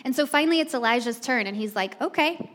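A woman with a rather high, animated, slightly bright voice talks fast as she preaches a conversational sermon. She retells the story chattily and speaks straight to the congregation, with long hall reverb on the recording.

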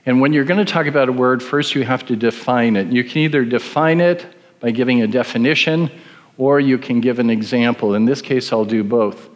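A man gives a sermon, spinning a story with dry humor and an easy, conversational delivery. His voice sits at a middle pitch. Long reverb from a large hall trails every phrase. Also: a little fast. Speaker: preacher.

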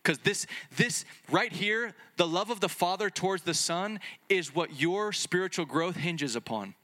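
A man preaching a sermon in an excitable, conversational way, full of fillers and restarts, sometimes acting out little dialogues. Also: high-pitched, measured pace. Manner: acts out little dialogues between Jesus and the Father.

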